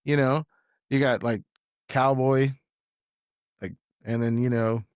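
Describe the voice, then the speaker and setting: Podcast guest: young man, blunt, rambling, mid-pitched voice, dry close mic. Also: fairly even intonation, slow, smooth, no room sound. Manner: blunt, rambling, swears freely. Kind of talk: casual chat.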